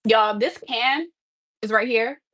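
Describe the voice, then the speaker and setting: A woman's voice: fairly high pitch, takes it slowly, a bit bright, no room sound, rough recording. A woman hosting a casual livestream from her home kitchen, chatting to viewers while she tidies up, laughing often. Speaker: livestream host.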